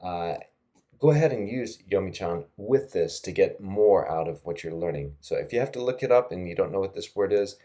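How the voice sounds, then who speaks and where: A middle-aged man with a low, mellow voice walks through a screen-recorded language tutorial. He talks in a casual, chatty way, full of fillers and soft laughs, close to a desktop mic. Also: expressive, fairly quick. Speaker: language teacher.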